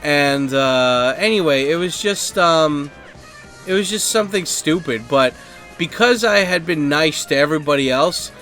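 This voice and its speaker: A man's voice: on the high side, lively intonation, a little slow, a bit bright, faint music behind. A man telling a story on a podcast in a casual, rambling way, swearing and using many fillers. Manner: rambling, profane, heavy on fillers and acted quotes. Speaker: podcast host.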